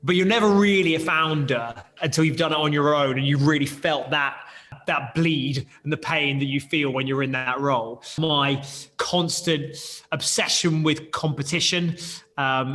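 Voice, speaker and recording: A man founder telling stories in an animated way, with quick restarts and bursts of acted quotes. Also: medium pitch, big-room sound. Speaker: startup founder, guest. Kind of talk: animated storytelling in an interview. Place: London.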